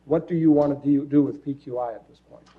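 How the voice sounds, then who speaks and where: Husky-voiced man presenting at a meeting. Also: medium pitch, steady tone, fast talker. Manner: explanatory, walks through figures with fillers. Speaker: city staff presenter. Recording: dull lo-fi meeting audio.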